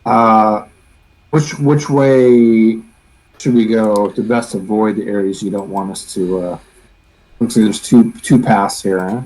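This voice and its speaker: A man's voice: lowish voice, steady tone, a little mellow, poor audio. Hesitant male tabletop player. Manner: hesitant, halting with fillers. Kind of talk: casual tabletop play.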